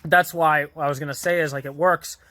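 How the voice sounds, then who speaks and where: A man's voice: on the high side, steady tone, brisk, bright, forceful tone, dry recording. A man vlogger casually retelling a TV episode in a rambling way, full of fillers, restarts and small chuckles. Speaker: vlogger reviewing a TV show.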